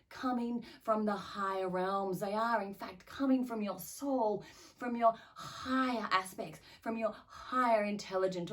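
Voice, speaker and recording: A woman channeling effusive cosmic spirit beings, slow and distant. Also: medium pitch, close to an everyday voice.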